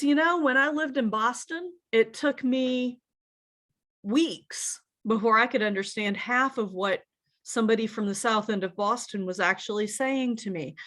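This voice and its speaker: A genealogy instructor from the central Shenandoah Valley of Virginia gives a casual lesson, chatty and hesitant, spelling out names letter by letter. Her voice is fairly high and a bit bright.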